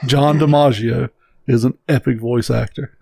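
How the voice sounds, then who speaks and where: A man's voice: mid-range voice, fairly even intonation, normal speed, gravelly, mellow, husky, no echo. A man co-hosting a podcast in casual chat, blunt and emphatic, swearing freely. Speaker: podcast co-host.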